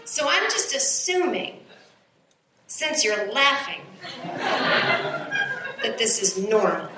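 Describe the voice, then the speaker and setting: A woman in her forties doing a stand-up set on a club stage, talking in an animated way, swearing and rising to high shouts. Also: takes it slowly. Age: 40s. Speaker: stand-up comedian. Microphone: handheld stage mic into sound board. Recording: echoey club recorded off the sound board, noisy.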